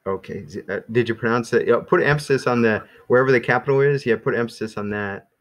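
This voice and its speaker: A man teaching a small class in a relaxed, rambling way, with many ums and restarts. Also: medium pitch, fast. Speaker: Greek teacher.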